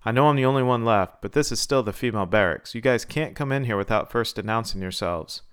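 A man's voice: medium pitch, quick pace, clear, resonant tone, natural voice. Man reading as a cocky woman Marine officer. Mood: defiant. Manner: confident, teasing.

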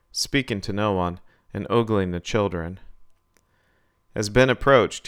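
A man hosting a storytelling show, reading a story aloud in calm, measured narration. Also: lowish voice, clear, resonant tone. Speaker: storyteller host.

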